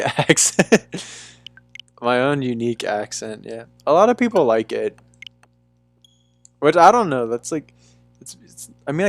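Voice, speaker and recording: A man's voice: medium pitch, no echo. A young man from Bermuda with a mixed, faintly English-tinged neutral accent, chatting casually and rambling on a live stream, swearing freely.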